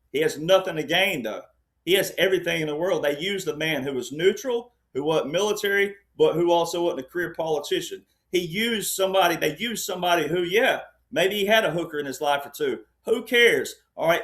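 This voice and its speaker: Insistent rambling man, slightly high voice. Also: fairly bright tone. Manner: rambling, insistent, often says "all right". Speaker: panel guest. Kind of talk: conversational political commentary.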